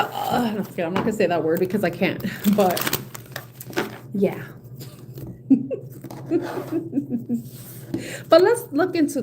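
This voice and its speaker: A woman's voice: mid-range voice, darkish tone, a little hiss or hum. A woman tarot reader chatting to her viewers in a blunt, heated rant, swearing freely and laughing often. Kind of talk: casual ranting chat to viewers.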